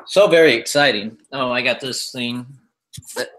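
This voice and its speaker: A man hosting a casual livestream, rambling in a relaxed way with lots of fillers as he shows off his kitchen. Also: medium pitch, normal speed. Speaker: livestream host. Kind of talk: casual chat, showing his kitchen pantry on stream.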